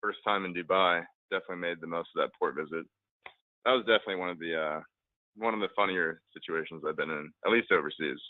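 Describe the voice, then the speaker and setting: A low-voiced man tells a crude, rambling anecdote as a podcast guest. His voice comes through a tinny, phone-like line with no room sound at all. The delivery is loose and casual, full of swearing. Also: quick pace, no room sound. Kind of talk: casual storytelling.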